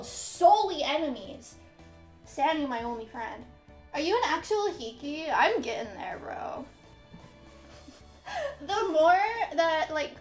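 High-pitched, foul-mouthed streaming woman. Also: darkish tone. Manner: profane, melodramatic comic complaining. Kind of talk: casual live-stream chat with chat readouts. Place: her upstairs room at home. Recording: roomy echo, faint music behind.

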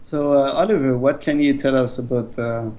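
A man organizing events, talking in a brisk, loose way during a live Q&A with lots of "you know, like". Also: mid-range voice, steady tone, mellow. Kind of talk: casual live Q&A chat.

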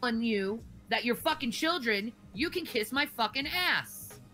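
A woman's voice: on the high side, lively intonation, unhurried, sharp tone, faint music behind. An enraged woman streamer in a furious, profane tirade, stammering as she repeats herself. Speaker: livestreamer. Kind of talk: angry livestream rant.

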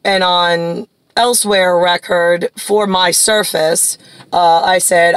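A woman's voice: fairly low pitch, fairly even intonation, slow pace, smooth, dry recording, low-quality recording. A woman in her forties from Long Island, talking in a rambling, profane monologue full of "like" fillers. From Long Island, New York.

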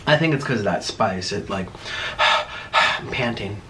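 A man's voice: lowish voice, lively intonation, unhurried, bright, forceful tone, a little hiss or hum. A young man hosting an eating video, chatting and rambling casually with his mouth full. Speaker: mukbang host. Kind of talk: casual chat while eating.

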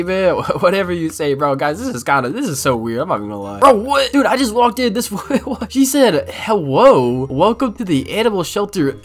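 Guy doing hyped game commentary, kinda high voice, super bouncy, keeps going bro what. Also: fairly bright tone. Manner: incredulous, keeps saying "bro". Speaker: gaming video host. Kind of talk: excited gameplay commentary.

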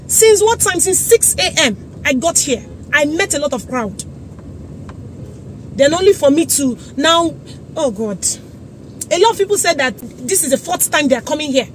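A young Nigerian woman with a Nigerian accent, ranting angrily into her phone in an exasperated vlog outside a busy government office. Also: high voice. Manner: indignant, exasperated, repeating herself. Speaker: vlogger. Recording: crowd and traffic noise behind.

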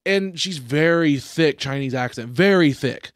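A man hosting a casual comedy podcast, talking in an animated, rambling way and slipping into impressions. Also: on the high side, a little slow, dry recording, studio quality. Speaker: podcast host.

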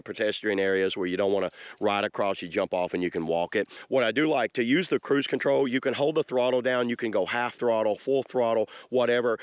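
A man's voice: medium pitch, no echo, lo-fi sound. A man giving a casual, folksy walkthrough of an e-bike outdoors by a lake, talking to viewers as y'all. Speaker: e-bike reviewer.

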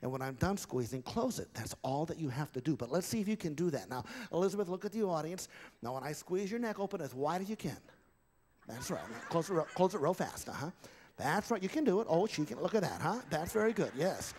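A man's voice: on the high side, lively intonation, fast talker, darkish tone, a little hiss or hum. Chatty male ventriloquist coaching volunteers. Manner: coaxing, chatty with many uh-huhs and fillers. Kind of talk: live comedy stage patter. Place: live theatre stage.

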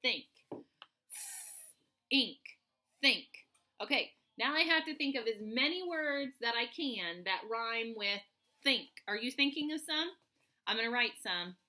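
A woman teaching first grade remotely, spelling sight words out slowly, letter by letter, to children. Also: a little high, lively intonation, pushed and bright. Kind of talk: remote phonics lesson for children.

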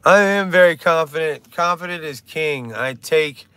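A man's voice: fairly high pitch, a little slow, pushed and bright, clear, resonant tone, dry recording. A man hosting a casual livestream, joking, rambling and reading chat aloud. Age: older. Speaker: livestream host.

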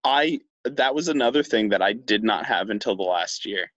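A young man co-hosting a podcast in casual chat, talking in a slow, halting way with many restarts. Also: lowish voice, animated, a bit bright, no room sound, dull audio. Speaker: podcast co-host.

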